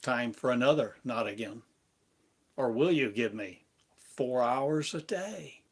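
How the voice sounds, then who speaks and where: A man giving a meditative spiritual lesson, speaking in slow, repetitive, incantatory phrases. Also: mid-range voice, animated, husky. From United States. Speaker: spiritual teacher.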